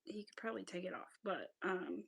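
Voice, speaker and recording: A chatty woman, talking casually while she crochets on a livestream. Her voice has a gravelly fry, and she laughs often and drops to a whisper when counting stitches. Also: mid-range voice, steady tone, brisk. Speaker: craft livestream host.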